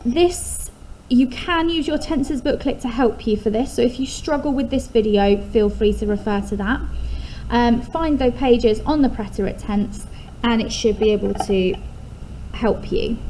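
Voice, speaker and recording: A woman's voice: on the high side, darkish tone, a little hiss or hum, poor audio. An English woman teaching a recorded lesson, explaining patiently step by step and stressing key syllables.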